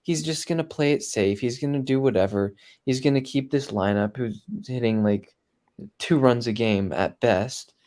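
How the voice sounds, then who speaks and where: A man's voice: mid-range voice, moderate pace, a little mellow. A man co-hosting a casual sports talk show, blunt and emphatic. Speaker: podcast co-host.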